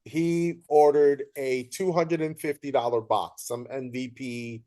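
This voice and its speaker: A man hosting a casual interview, telling lively anecdotes and acting out what people said. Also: medium pitch, measured pace. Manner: animated storyteller, acts out quoted voices. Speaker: host.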